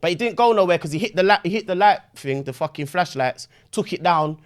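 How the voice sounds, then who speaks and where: A young man telling a story in casual chat, full of slang, acting out voices with shouts and sound effects. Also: sits high, lively intonation, fairly quick. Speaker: podcast guest.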